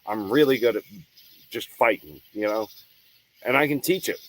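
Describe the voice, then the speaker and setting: A man's voice: lowish voice, normal speed, fairly bright tone, rough recording. A man hosting his own show, giving a heated, profane, unscripted monologue with hard emphasis and frequent restarts. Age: adult. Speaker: show host.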